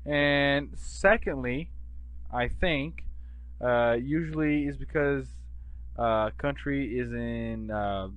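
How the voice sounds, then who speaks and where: A man teaching an English class in a relaxed, chatty way, often checking in with his listener. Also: medium pitch, slow pace, smooth, no echo, muffled recording. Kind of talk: conversational English lesson.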